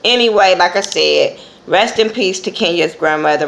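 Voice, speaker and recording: A woman's voice: on the low side, normal speed, vocal fry, a bit bright, a little hiss or hum. A woman reviewing a TV episode in a casual vlog, talking bluntly with lots of swearing. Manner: blunt and profane, acts out quotes.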